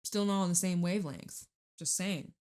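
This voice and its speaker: A woman's voice: fairly low pitch, moderate pace, a little mellow. A young woman giving a casual tarot reading, rambling and laughing, swearing freely as she talks. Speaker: tarot reader.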